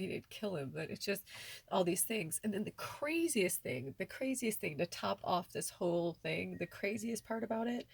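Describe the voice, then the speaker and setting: A woman's voice: fairly low pitch, creaky, husky, dry recording. A woman talking tearfully and rambling in a personal vlog, filling her speech with many "like"s. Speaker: spiritual vlogger.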